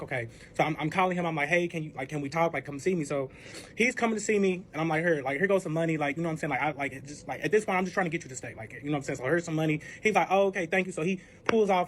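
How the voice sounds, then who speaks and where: A man's voice: fairly high pitch, a bit bright, slight background noise. A man telling a personal story in a casual storytime, swearing freely, packing in filler words and acting out both sides of the dialogue. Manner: profane, with heavy filler words.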